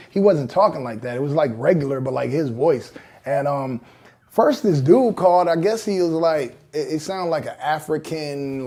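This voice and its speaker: A man's voice: fairly high pitch, animated, moderate pace, mellow. A man, a rapper, casually telling a story in an interview, loose and chatty with lots of acted-out quotes.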